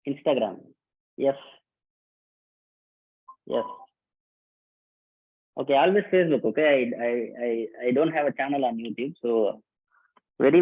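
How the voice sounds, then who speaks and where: Man hosting a tinny online workshop. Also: medium pitch. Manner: casual, repetitive, calls out names and instructions. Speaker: workshop host. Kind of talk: live online workshop, greeting participants. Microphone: online video call. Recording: tinny phone-like call audio.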